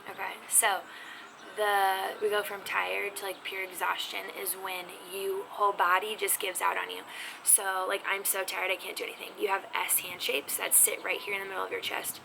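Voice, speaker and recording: Woman doing a chatty sign lesson at home, gravelly voice, kinda noisy recording, slips into whispers. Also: medium pitch, level tone, moderate pace. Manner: chatty, self-teasing, drops to whispers. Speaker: sign language teacher. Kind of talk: casual video lesson. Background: neighbor's music faintly heard.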